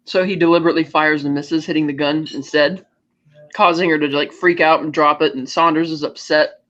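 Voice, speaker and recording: A man co-hosting a podcast, recapping a movie in casual chat and slipping into quick character voices. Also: on the high side, steady tone, fairly bright tone. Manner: retells scenes with quick offhand character voices. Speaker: podcast co-host. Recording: dull lo-fi audio.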